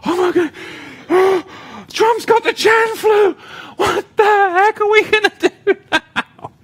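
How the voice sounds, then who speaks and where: A man's voice: very high-pitched, fairly even intonation, slow, fairly bright tone, voice pushed up, full character voice. A preacher putting on the voice of a panicking man who frets about world news, frantic and wailing. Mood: panicky.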